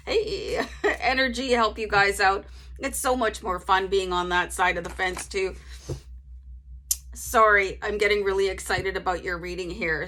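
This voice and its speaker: A woman's voice: a little high, sharp tone. A woman giving a casual tarot reading to her viewers, chatty and rambling, breaking into laughter often. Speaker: tarot reader.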